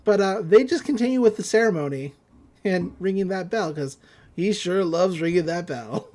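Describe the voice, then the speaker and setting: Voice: medium pitch, expressive, moderate pace, a little mellow. A podcast host casually recapping a cartoon episode, amused and rambling, slipping into quoted voices.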